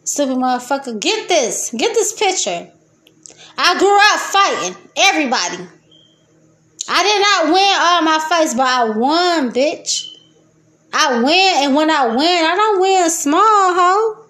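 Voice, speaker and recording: High-voiced woman, loud and profane. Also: measured pace. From Detroit, USA. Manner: profane, laughing, swings between loud excitement and low muttering. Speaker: podcast host. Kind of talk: rambling casual monologue.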